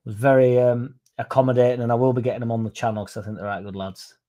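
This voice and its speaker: A man's voice: mid-range voice, little pitch movement, quick pace, mellow. A young man with a Yorkshire accent hosting a casual livestream podcast, rambling and swearing freely as he reads out chat messages. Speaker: podcast host.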